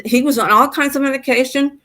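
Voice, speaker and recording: Older lady on a video call, higher voice, upset, rambling and stumbling over her words. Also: fairly even intonation, brisk, fairly bright tone. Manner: upset, rambling, stammering restarts. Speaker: guest caller. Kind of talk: emotional live-stream chat.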